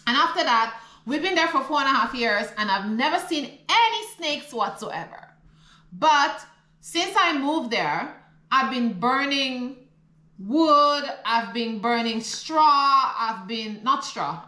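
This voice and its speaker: A woman's voice: high voice, expressive, slow pace, sharp tone, reverberant, poor audio. A middle-aged woman from the Caribbean with a Caribbean accent, chatting animatedly in a casual vlog and laughing often. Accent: Caribbean English. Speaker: vlogger. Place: rural home in the countryside.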